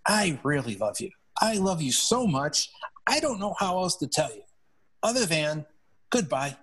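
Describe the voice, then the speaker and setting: A tender, pleading Jesus , put on by a man telling a story, speaks in a husky voice pitched above ordinary talk. He presses his affection earnestly and warmly. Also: very animated, a little slow, exaggerated voice.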